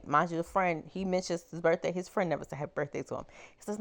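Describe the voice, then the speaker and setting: A woman crochet vlogger chatting casually as she tells a personal story, animated and exclaiming. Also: lowish voice, fast, vocal fry, dull audio.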